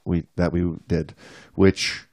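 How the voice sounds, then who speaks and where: A man's voice: low voice, level tone, slow pace, a little mellow, no room sound. Joking man co-hosting a podcast, dry sound. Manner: joking, rambling recaps with fillers. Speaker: podcast co-host. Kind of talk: casual banter.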